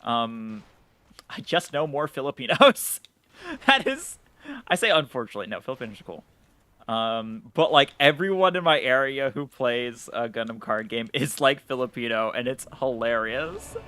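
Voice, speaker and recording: A man's voice: mid-range voice, animated, moderate pace, sharp tone, no room sound. A man streaming a game live, chatting casually in a rambling way, swearing and laughing at himself. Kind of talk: casual live-stream chat while gaming.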